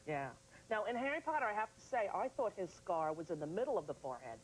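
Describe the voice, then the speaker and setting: A middle-aged woman hosting a studio talk show, playful and animated, slipping into silly voices. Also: mid-range voice, fast, slight background noise, low-quality recording.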